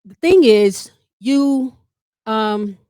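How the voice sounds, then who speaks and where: A woman comedian and family caregiver leading a workshop, telling stories with humor and talking straight to her audience, often jumping up in pitch to act out what people said. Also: very slow, clear, resonant tone, dry recording, studio quality. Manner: lively storyteller who addresses the audience directly; acts out quoted dialogue with big pitch jumps.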